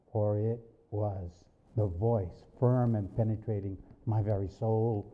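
A man giving a spoken religious testimony, slow and measured, his voice swinging up and down with emotion. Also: fairly low pitch. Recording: dull lo-fi recording.

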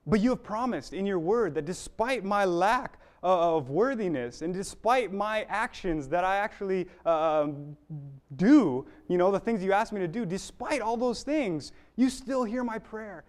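A man's voice: sits high, animated, unhurried. A man preaching a sermon in an earnest, building way, with fillers and restarts along the way.

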